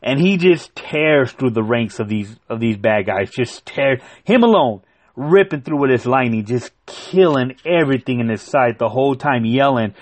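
Guy hyped up retelling a comic, swears a lot, lots of um and restarts, regular pitch. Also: normal speed. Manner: excitable, profane, full of fillers and restarts. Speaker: comic book reviewer. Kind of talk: casual plot recap.

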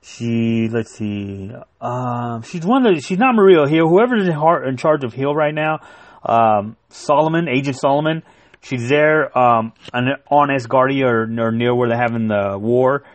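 Excitable man recapping a comic. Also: medium pitch, unhurried. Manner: excitable, profane, full of fillers and restarts. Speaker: comic book reviewer. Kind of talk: casual plot recap.

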